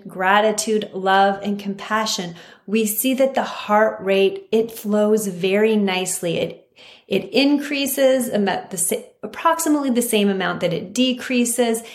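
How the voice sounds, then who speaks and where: A woman naturopathic doctor hosting a health podcast, talking earnestly and emphatically and repeating her key points. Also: mid-range voice. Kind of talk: scripted health talk. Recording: roomy echo.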